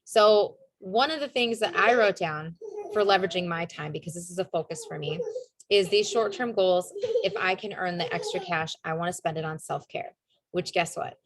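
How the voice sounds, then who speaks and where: A woman's voice: fairly low pitch, normal speed. A young woman leading a casual motivational team call, chatty and upbeat, often acting out bits of dialogue. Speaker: network marketing team leader.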